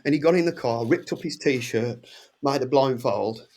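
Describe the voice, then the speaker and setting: Guest, English male, 60s, mid-pitched, rambling storyteller who voices the people in his tales. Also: normal speed. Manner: lively anecdotes, acts out quoted voices with big pitch jumps. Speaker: guest musician. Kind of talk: casual storytelling.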